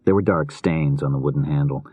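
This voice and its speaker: A man narrating a thriller audiobook in a measured, grave manner. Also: rumbling low, dark tone, breathy edge, no room sound.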